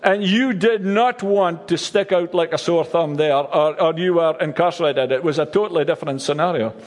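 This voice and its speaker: A man preaching a sermon for an online service, halting and repeating words with wry asides. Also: on the high side, big-room sound. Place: church service streamed online.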